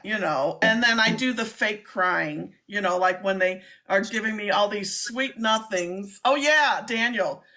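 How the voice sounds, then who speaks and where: A middle-aged woman hosting a casual live-stream chat, talking in an excitable, chatty way. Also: mid-range voice, measured pace, vocal fry, hardly any pauses. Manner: chatty, excitable, laughs often. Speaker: host, scam baiter.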